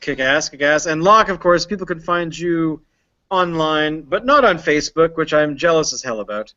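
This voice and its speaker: A man's voice: a little high, expressive, moderate pace, bright, forceful tone, dry recording, highs cut off. A man hosting a casual beer podcast, rambling along with lots of ums and uhs. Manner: rambling with many fillers. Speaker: podcast host. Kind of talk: casual chat.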